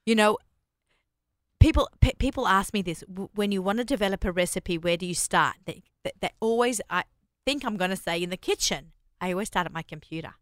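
A woman co-hosting a casual chat about writing her cookbook, telling stories in an animated way with many restarts. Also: mid-range voice, brisk, no echo, clean studio sound. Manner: chatty, animated storytelling with restarts. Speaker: cookbook author and co-host.

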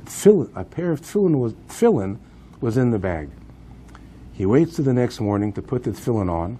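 A man's voice: mid-range voice, sing-song, fairly quick, mellow, slight background noise. A man speaking at a memorial program, telling a dramatic story with emphasis and swings of pace.

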